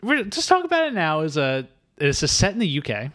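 A man co-hosting a casual movie-review podcast, jokey and animated, often slipping into silly impressions. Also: a little high, a little fast. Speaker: podcast co-host.

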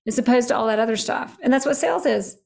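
A woman's voice: a little high, fast, creaky. A woman hosting a casual podcast interview, talking with energy and enthusiasm. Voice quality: energetic and enthusiastic, fond of emphatic asides. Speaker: podcast host.

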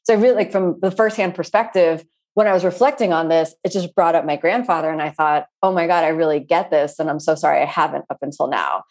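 A woman yoga teacher speaking in an interview, earnest and searching, with frequent pauses and restarts. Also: low voice, a little mellow. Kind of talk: reflective interview talk.

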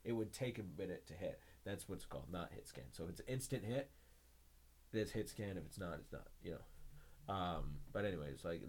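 A young man chatting casually as a podcast guest, telling a story with a lot of energy and loud laughter. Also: low voice. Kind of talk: casual chat.

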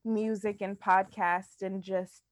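A young woman co-hosting a podcast in casual chat, animated, laughing often and swearing freely. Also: mid-range voice, slow pace, no echo. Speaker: podcast co-host.

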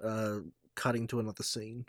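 A man with a fairly low voice talks through his take on a film in a loose, thoughtful way, trailing off at times. The sound is dry and close. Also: flat delivery, normal speed, no echo. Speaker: podcast co-host. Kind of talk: casual film review chat.

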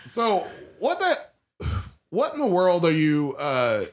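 A man's voice: high-pitched, wildly swooping pitch, slow, slight background noise. A man in casual chat, teasing his co-hosts playfully. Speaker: podcast co-host.

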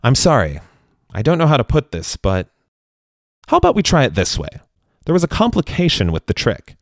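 A man's voice: mid-range voice, huge pitch swings, normal speed, dry recording, studio quality, voice pushed up. A man voicing a proud, grandiose male stage magician in a spoken story. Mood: apologetic. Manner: grandiose, self-congratulating, apologetic when explaining.

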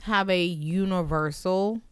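A woman co-hosting a podcast in relaxed casual chat, telling stories and teasing. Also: on the low side, takes it slowly, smooth, no room sound, studio quality.

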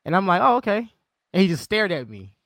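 A man's voice: high voice, fast talker, dry recording, studio quality. A man hosting a podcast, chatting casually and telling stories with many fillers. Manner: relaxed, many "you know" fillers, quotes himself. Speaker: podcast host. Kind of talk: casual chat.

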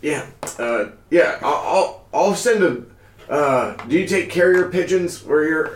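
A man's voice: fairly high pitch, expressive, slow, far from the mic, pitched above the performer's own voice. A man voicing a cheerful, folksy old male farmer who rambles and stumbles over his words. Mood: chatty, flustered. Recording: echoey room, off-mic, faint hiss.

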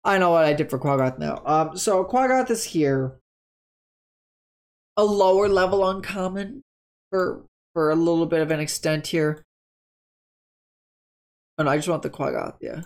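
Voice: medium pitch, moderate pace, pauses often. A tabletop game creator casually explaining monster stats in a chatty, rambling way, often stopping to correct themselves.

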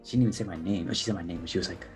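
Deep-voiced young man, earnest and hesitant. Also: very fast, soft background music. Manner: earnest, hesitant, many fillers. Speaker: podcast guest. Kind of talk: personal storytelling on a podcast.

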